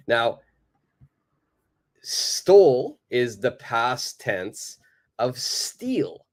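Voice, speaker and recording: A male English teacher leads a live online lesson over a video call. His voice rises and falls widely as he explains, and he speaks slowly and clearly. He patiently repeats each example sentence. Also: mid-range voice, very animated.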